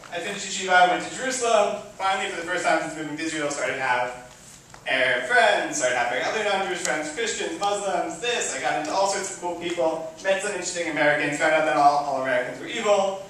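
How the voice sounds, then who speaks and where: A young man who is a rabbi giving personal opening remarks to an audience, chatty and self-deprecating, with many restarts and sudden animated outbursts. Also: a little high, fast, slight background noise. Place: event hall before a live audience. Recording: very echoey hall, voice from far off.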